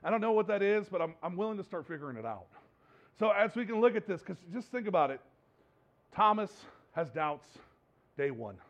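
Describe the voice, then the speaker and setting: A male pastor preaching a sermon in church in a conversational, animated way, repeating phrases for emphasis. His voice is high and gravelly. The recording sounds dull and lo-fi. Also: a little fast.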